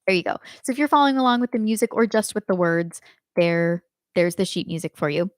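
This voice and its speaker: A woman teaching a live online singing lesson, explaining slowly and singing short examples. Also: fairly low pitch, lively intonation, no echo, clean studio sound.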